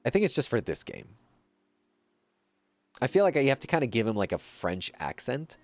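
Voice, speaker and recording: A man's voice: fairly high pitch, sing-song, a little fast. A man streaming a video game, chatting casually and reacting to viewer messages. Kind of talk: casual gameplay livestream chat.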